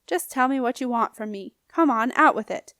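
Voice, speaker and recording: A woman's voice: a little high, animated, moderate pace, fairly bright tone, no echo, studio quality. A woman reading an audiobook, voicing a scornful, menacing old male ghost with a snappish, growling manner. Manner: sneering, bullying.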